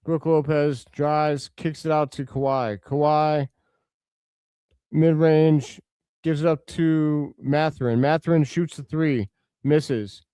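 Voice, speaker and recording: Man, live game commentary, casual and chatty, fairly high voice, smooth tone. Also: slow, no room sound. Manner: casual, chatty play-by-play answering viewers' comments; excitable outbursts over big plays. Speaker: live stream host.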